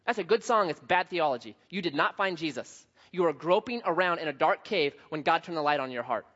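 A pastor with a high-pitched voice delivers a brisk sermon in a church hall, animatedly telling stories and acting out voices and sound effects. The recording is slightly dull and muffled.

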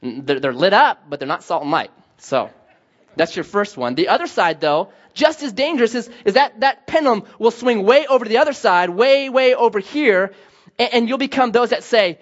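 High-voiced man preaching a sermon. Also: normal speed. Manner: lively storytelling with acted dialogue. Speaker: pastor. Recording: dull lo-fi sound.

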